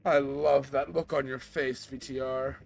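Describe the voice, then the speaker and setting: A man's voice: mid-range voice, level tone, measured pace, gravelly, faint music behind. A man voicing a scheming villain father in a dating game, gloating and menacing.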